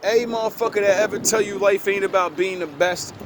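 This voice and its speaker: Outdoors beside a street, a young man with a high voice talks fairly quickly through a motivational rant. As a video creator, he's blunt and preachy and curses constantly, and traffic noise fills the recording.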